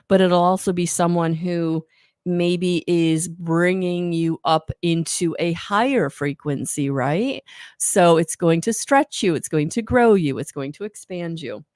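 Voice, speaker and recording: This is a woman with a lowish, slightly mellow voice, recorded with studio quality and no echo. She's an intuitive card reader doing a live oracle reading, rambling encouragingly and often correcting herself mid-sentence.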